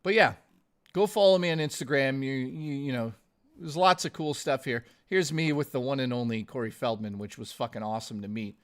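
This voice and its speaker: A gaming streamer talks casually and ramblingly with his viewers on a live stream, swearing often and calling them dude and guys. His voice is medium in pitch and fairly quick.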